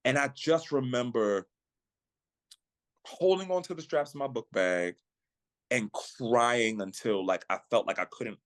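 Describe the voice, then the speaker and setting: A man on a podcast, earnestly telling a personal story of faith in a reflective way, slowing down at the emotional moments. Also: medium pitch, no echo. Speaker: guest, actor and singer.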